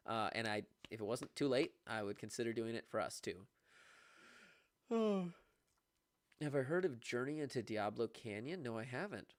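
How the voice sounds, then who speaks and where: A young man who teaches music, chatting casually on a livestream and answering viewers, excitable and quick to laugh. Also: medium pitch, dry recording, clean studio sound. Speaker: music teacher streaming live.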